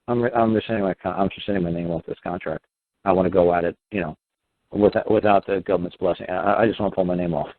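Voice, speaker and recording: Fast, low-voiced male radio host, rambling and animated, over a dry, phone-thin line. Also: no echo. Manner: animated, rambling, acts out both sides of exchanges, swears. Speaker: radio talk show host. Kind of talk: call-in radio advice talk. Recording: tinny phone-line sound.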